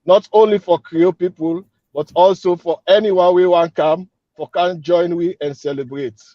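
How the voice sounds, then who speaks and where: A man's voice: high-pitched, fairly even intonation, normal speed, warm tone, no room sound, lo-fi sound. A man with a Sierra Leonean Krio accent, an event organizer giving an upbeat, persuasive interview and repeating his calls to act. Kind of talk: radio interview guest.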